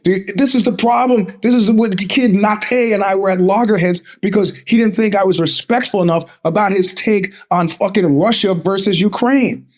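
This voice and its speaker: A man with a fairly high voice hosts a live podcast from home. He rants in a combative, profane way. He laughs often and stumbles over his restarts. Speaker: podcast host. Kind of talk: live-streamed casual monologue.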